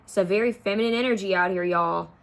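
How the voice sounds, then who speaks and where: A woman's voice: medium pitch, fast talker, creaky. A young woman giving an intuitive pick-a-card tarot reading, talking casually to her viewers and half-singing song lyrics as she goes. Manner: chatty, addresses viewers as y'all, half-sings song lyrics.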